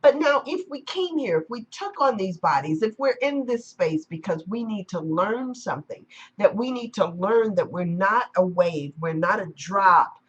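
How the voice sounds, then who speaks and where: A woman's voice: medium pitch, animated, moderate pace, husky, lo-fi sound. A woman giving a live-streamed spiritual talk in a reflective manner, repeating and rephrasing her ideas. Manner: reflective, repetitive phrasing. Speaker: spiritual teacher.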